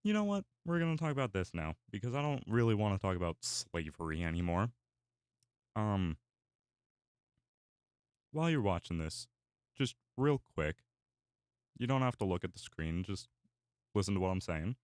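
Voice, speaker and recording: A man's voice: low-pitched, lively intonation, moderate pace, pauses often, a little mellow, no echo, studio quality. A young man chatting casually while he draws, rambling with many fillers and restarts. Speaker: artist and YouTuber. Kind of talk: casual chat while drawing.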